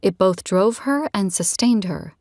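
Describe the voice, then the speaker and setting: A woman narrating a romance novel in a measured, steady storytelling voice. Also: medium pitch, no echo, studio quality. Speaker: audiobook narrator. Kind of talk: scripted narration.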